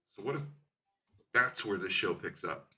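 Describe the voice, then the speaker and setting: A man with a very bright, forceful voice lays out a fan theory in casual podcast chat. His pitch sits a little low and he keeps checking his points with questions. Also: lively intonation, unhurried. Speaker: podcast co-host.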